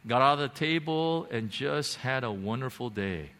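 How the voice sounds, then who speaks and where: Earnest man with a bright, forceful voice. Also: animated, moderate pace. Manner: earnest and emotional, swinging from soft and low to loud and high. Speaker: speaker sharing a faith testimony. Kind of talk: personal testimony storytelling.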